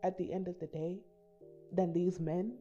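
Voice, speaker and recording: A woman from the Caribbean tells a story to her viewers in a relaxed, mellow voice. She jumps into the voices of the people she quotes. Soft music plays behind her, and the recording sounds a little muffled. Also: on the low side, normal speed. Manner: animated, acts out voices in quotes. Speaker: storytime YouTuber. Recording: slightly dull recording with soft background music.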